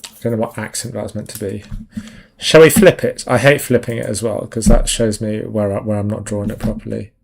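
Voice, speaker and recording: A man's voice: on the low side, fairly even intonation, a little fast, gravelly. A man chatting casually on a live stream while he draws, rambling and putting himself down, his thoughts often trailing off. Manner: rambling, self-deprecating, trailing off. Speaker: concept artist streamer.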